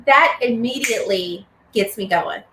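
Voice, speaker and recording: A woman hosting a podcast in casual chat, animated, laughing often and acting out greetings. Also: fairly high pitch, unhurried. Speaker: host. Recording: roomy echo, faint noise.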